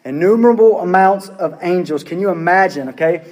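A man's voice: high-pitched, brisk, darkish tone, long reverb tail. A man preaching a sermon as pastor, earnest and full of rhetorical questions, repeating his phrases for emphasis.

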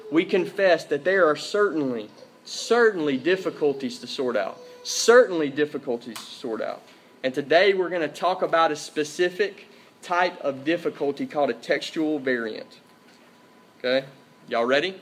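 A man's voice: sits high, fairly bright tone. A man preaching a sermon to a church congregation, emphatic and repetitive, often checking in with his listeners. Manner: emphatic, repeats key phrases, checks in with "Okay?". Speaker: pastor. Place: church service.

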